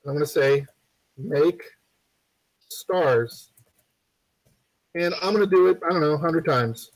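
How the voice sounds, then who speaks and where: A man walks viewers through building a game in a loose, live-streamed tutorial, talking in a fairly high register for a man. He rambles, restarts and fills pauses with ums, and he tosses off jokes to the chat as he works. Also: poor audio. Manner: rambling and chatty, many fillers and restarts; joking asides to the viewers. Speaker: game development instructor.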